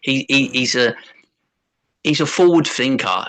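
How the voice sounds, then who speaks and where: A man's voice: mid-range voice, unhurried, fairly bright tone. A man with a South London accent, co-hosting a podcast and chatting in a jokey, opinionated way. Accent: South London English. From South London, England. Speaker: podcast co-host. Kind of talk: casual chat.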